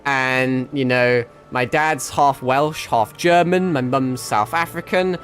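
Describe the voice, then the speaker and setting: A man's voice: medium pitch, slow pace, fairly bright tone. A young man with a mixed northern English accent, chatting casually to his livestream while gaming, rambling, swearing and laughing often. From England. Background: faint background music.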